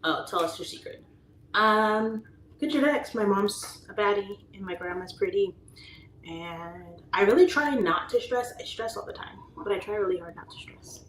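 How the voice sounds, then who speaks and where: A woman's voice: mid-range voice, expressive, normal speed, a bit bright. A woman in her late thirties hosting a livestream, casually chatting and reading viewer comments aloud, laughing often. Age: 30s. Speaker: livestream host. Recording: echoey room with faint ambient noise.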